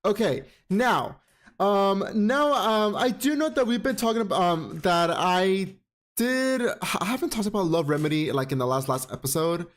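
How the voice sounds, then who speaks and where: Host, male, high voice, sassy and dramatic, swears freely, casual recap. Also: lively intonation, moderate pace. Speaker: podcast host. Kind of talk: casual commentary on comics.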